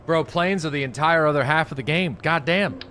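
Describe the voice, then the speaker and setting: A young man streaming a game, chatting casually, swearing freely and getting loudly excited at new finds. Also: fairly quick, slight background noise. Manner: excitable, swears a lot, jumps up high when surprised. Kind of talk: casual gaming livestream chat.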